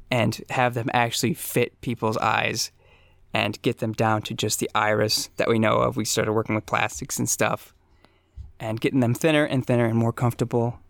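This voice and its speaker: A man co-hosting a podcast, explaining things in a relaxed, unhurried way and chuckling now and then. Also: medium pitch, gravelly, no room sound, studio quality. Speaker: podcast co-host. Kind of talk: casual comedic chat.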